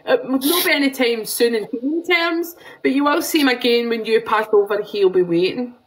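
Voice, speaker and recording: A woman's voice: fairly high pitch, fairly quick, poor audio. A Scottish woman in her forties giving a live psychic reading in a rambling, chatty way, swearing and laughing now and then.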